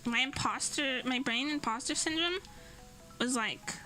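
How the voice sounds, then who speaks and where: A high, very bright woman's voice that chats slowly and unhurriedly as she draws on stream. She keeps giggling between phrases, and faint music plays underneath. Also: poor audio. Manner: giggly, laughs between almost every phrase. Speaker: streamer and illustrator. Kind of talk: casual chat while drawing on stream.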